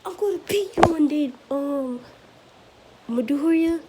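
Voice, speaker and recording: A woman's voice: high-pitched, moderate pace, heavy background noise, pitched above the performer's own voice, close to an everyday voice. A woman voicing a cocky, boastful teenage boy rival in a fan-made story, raising her voice to brag. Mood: indignant. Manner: brash and boastful.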